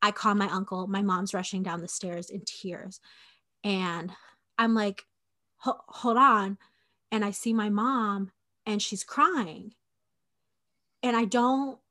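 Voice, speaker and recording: A woman's voice: mid-range voice, measured pace, fairly bright tone. Young woman telling a story, chatty and casual. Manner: conversational, frequent "like" and fillers, acts out quoted dialogue. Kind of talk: personal storytelling podcast.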